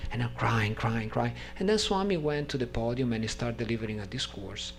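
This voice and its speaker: A man's voice: on the high side, brisk, hardly any pauses. A man whose first language is not English tells a personal story to a gathering, acting out the voices of the people in it. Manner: animated, acts out voices of people in his story. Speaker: speaker sharing a personal testimony.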